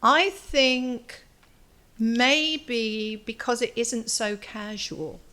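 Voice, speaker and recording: A woman's voice: on the high side, steady tone, extremely slow, sharp tone. An older woman with a London English accent, chatting casually as an interview guest and thinking aloud. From London, England. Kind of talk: casual chat.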